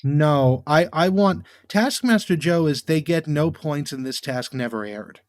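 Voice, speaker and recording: A man co-hosting a podcast in casual chat, given to animated, exasperated rants. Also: a little high, a little slow, dry recording. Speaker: podcast co-host.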